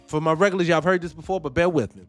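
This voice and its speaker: A man hosting casual reaction commentary, animated and profane, firing off rhetorical questions. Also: a little high, rapid-fire, faint music behind. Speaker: host.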